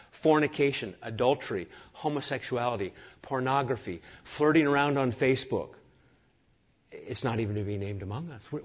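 A man's voice: a little high, breathy edge, highs cut off. A man preaching a sermon as pastor, earnest and emphatic, piling up lists of words.

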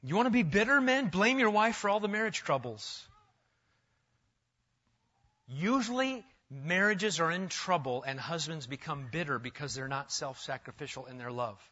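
A middle-aged man preaching a sermon, emphatic, rising loud and then dropping to a hush. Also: a little high, expressive, moderate pace. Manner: emphatic, swings between loud and hushed. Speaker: pastor. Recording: dull lo-fi sound.

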